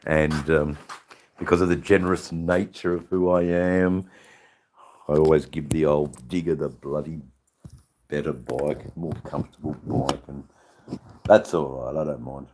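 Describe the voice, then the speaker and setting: A very deep-voiced Australian man hosts a casual live stream. He rambles with viewers in loose banter and swears freely. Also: steady tone, a little slow, darkish tone, a little hiss or hum. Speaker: livestream host.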